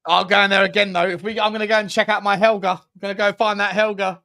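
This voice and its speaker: A man's voice: sits high, level tone, quick pace, vocal fry, sharp tone. A man co-hosting a casual football chat, chatty and throwing questions to his co-host.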